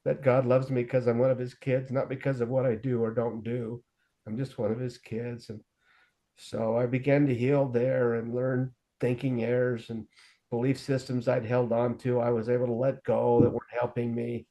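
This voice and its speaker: A man's voice: mid-range voice, level tone, moderate pace, warm tone. A middle-aged man frankly telling his own recovery story as an interview guest, with self-deprecating humor. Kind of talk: candid personal storytelling.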